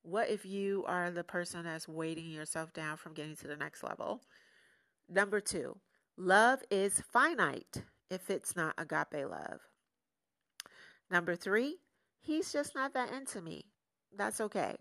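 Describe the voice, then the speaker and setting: A woman's voice: lowish voice, big pitch swings, measured pace, fairly bright tone. A woman hosting her own podcast in a casual, candid solo monologue that turns motivational. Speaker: podcast host.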